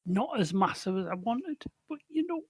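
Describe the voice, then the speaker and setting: A man's voice: high voice, big pitch swings, moderate pace, husky, no room sound. An older man playing a tabletop game, cheeky and scheming. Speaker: player. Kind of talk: casual tabletop play.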